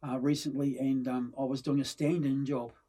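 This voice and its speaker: A man's voice: mid-range voice, flat delivery, moderate pace, mellow. A middle-aged man, a guest chatting in an interview and telling rambling stories full of fillers and restarts. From New Zealand. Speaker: actor and film-maker guest. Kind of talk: casual interview chat, storytelling.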